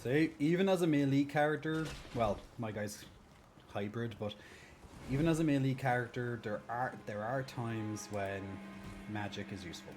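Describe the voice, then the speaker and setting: A man's voice: mid-range voice, moderate pace, over music. A man streaming a video game, chatting casually and muttering sarcastic asides to himself. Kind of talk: casual gameplay commentary. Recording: stream audio with background noise.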